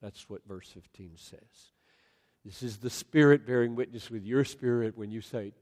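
A man preaching a sermon in a large hall, swinging from loud exclamations to soft near-whispers. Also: medium pitch, normal speed. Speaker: pastor. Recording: long hall reverb.

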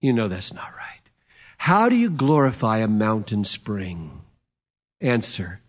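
A man in his fifties preaching a sermon, emphatic and playful, swinging from loud to hushed. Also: on the low side, breathy edge, dull audio. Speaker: pastor.

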